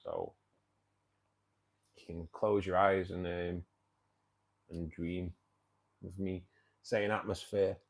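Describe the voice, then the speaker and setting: Gravelly-voiced man, rambling chat. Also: low-pitched, lively intonation, takes it slowly, pauses often, rough recording. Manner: rambling, chatty, laughs often. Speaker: livestream host of a fishkeeping club. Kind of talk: casual live chat, reading out viewer comments.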